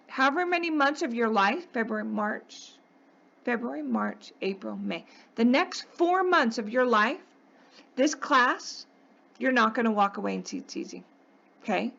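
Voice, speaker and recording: A woman's voice: a little high, creaky, fairly bright tone, muffled recording. A woman math teacher lecturing her class, emphatic and coaxing, often checking in with "okay?".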